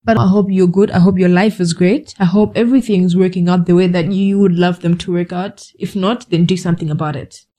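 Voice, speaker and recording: A woman's voice: fairly low pitch, fairly even intonation, fairly quick, hardly any pauses, mellow, rough recording. A woman hosting a podcast, giving a direct, conversational motivational monologue with scolding asides. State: cold, shivering. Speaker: podcast host.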